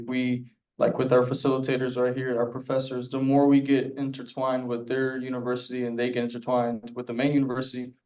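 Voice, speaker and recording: A young man on a panel, telling a story in a rambling, excited way. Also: mid-range voice. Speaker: student panelist. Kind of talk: panel discussion. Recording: distant mic, dull lo-fi sound.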